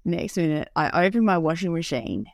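A woman's voice: lowish voice, very animated, moderate pace, gravelly, no room sound, clean studio sound. A woman, co-hosting a podcast in casual chat, laughing often and telling stories with animation. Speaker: podcast co-host.

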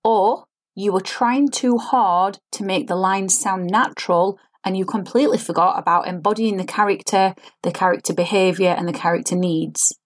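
A woman's voice: mid-range voice, normal speed, hardly any pauses. Earnest woman acting coach. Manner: earnest, explanatory, demonstrates line readings. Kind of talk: spoken lesson to camera.

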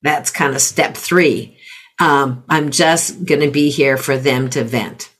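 A middle-aged woman coaching parents in conversation, calmly explaining with example phrases. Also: very deep voice, takes it slowly, slightly rough. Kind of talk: conversational teaching.

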